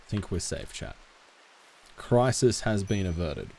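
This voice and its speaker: A man with a softened Australian accent, chatting casually with his live-stream audience as he plays, laughing often and answering chat. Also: sits low, very animated, measured pace, gravelly, slight background noise. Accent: Australian, toned down. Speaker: game streamer.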